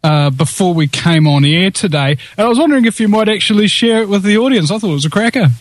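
A man's voice: high-pitched, animated, quick pace, no echo. A man with a New Zealand accent hosting an interview show, jokey and rambling. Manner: jokey, rambling, many uh fillers. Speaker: host.

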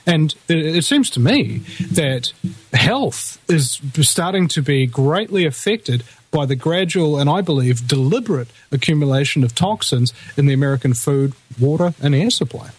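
Brief: male radio host, higher voice, dry close mic, rambling rants. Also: lively intonation, normal speed, slightly rough, no room sound. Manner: rambling, opinionated ranting. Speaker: radio talk show host. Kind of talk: live talk radio chat.

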